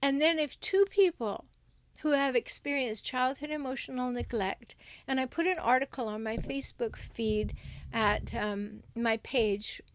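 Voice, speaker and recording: A woman's voice: sits high, unhurried. A middle-aged woman hosting a livestream with relationship advice, speaking emphatically and reading viewer comments aloud.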